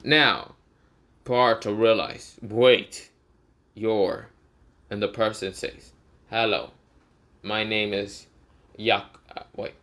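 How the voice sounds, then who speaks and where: A man's voice: lowish voice, steady tone, slow, pauses often, pushed and bright. A young man casually narrating a made-up fan story, rambling with many fillers and self-corrections.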